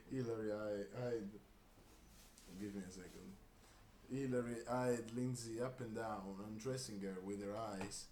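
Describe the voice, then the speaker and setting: Lower-voiced man reading aloud, roomy. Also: steady tone, a little slow, darkish tone. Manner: laughs and breaks off with asides. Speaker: reader. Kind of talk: comedic reading of a crude story. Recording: roomy room with faint hiss.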